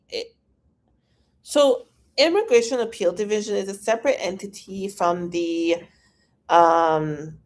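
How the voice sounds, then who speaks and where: An Iranian woman who works as an immigration consultant speaks slowly in a mid-range voice. She reads viewer questions aloud and answers them frankly in a casual live-stream Q&A.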